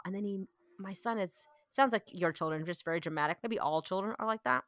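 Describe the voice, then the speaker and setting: A woman's voice: on the low side, quick pace, dry recording, studio quality. A woman in her thirties in casual chat, animatedly telling family stories and acting out voices. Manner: animated storyteller, acts out voices, laughs often.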